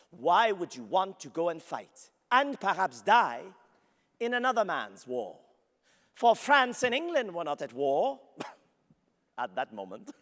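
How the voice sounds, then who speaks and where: A historical character interpreter plays an ardent, flamboyant young French nobleman, grandly telling his story in the first person to an audience and laughing often. His voice is high, fairly bright and exaggerated. The theatrical performance takes place in a large convention hall, and the recording carries the hall's long reverb.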